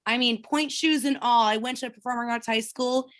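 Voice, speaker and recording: A woman's voice: fairly high pitch, fairly even intonation, a little fast, a bit bright. A young woman, a burlesque performer, telling her story upbeat and emphatically in an interview. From United States. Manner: upbeat, emphatic, punchy list delivery.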